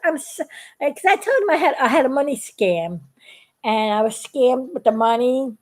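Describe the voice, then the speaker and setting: A woman's voice: sits high, normal speed. A woman chatting casually to her viewers, telling a story and laughing often. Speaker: YouTube cartoon maker.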